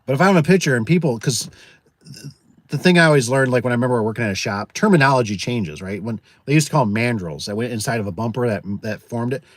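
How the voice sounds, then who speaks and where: A man's voice: medium pitch, quick pace, dry recording. A man who runs a garage door business, chatting casually to his live audience, rambling with restarts and reading out viewer comments. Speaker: garage door business owner, channel host. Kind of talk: casual livestream chat.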